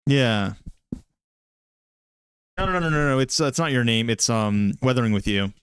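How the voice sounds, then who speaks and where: A man's voice: medium pitch, expressive, normal speed, fairly bright tone, clean tone, dry recording. A man co-hosting a podcast in casual chat, joking and swearing. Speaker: podcast co-host.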